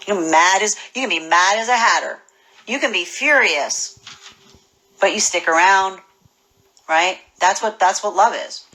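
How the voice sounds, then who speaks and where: A woman giving a casual spoken tarot reading, animated and full of restarts and repeated words. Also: medium pitch, a little slow, pauses often, poor audio. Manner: acts out imagined people's voices. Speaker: tarot reader.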